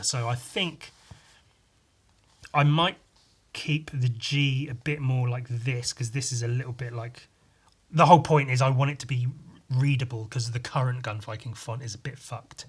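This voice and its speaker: A man's voice: mid-range voice, fairly bright tone. A man hosting his own podcast, chatting casually on his own as he flips through sketchbook pages, rambling, swearing freely and going off on silly asides. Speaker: podcast host. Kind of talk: casual solo chat while flipping through sketchbooks.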